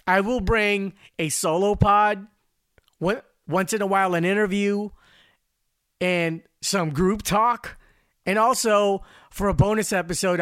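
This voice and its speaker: High-voiced man hosting a podcast, dry. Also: fairly bright tone, no echo. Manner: rambling, repeats words when starting. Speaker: podcast host. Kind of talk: casual commentary.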